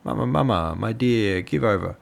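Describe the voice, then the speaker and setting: Man doing a frantic poor captain, low gravelly, kinda pleading. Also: normal speed. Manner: excitable, pleading. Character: poor shabby captain, middle-aged man, wild and tearful.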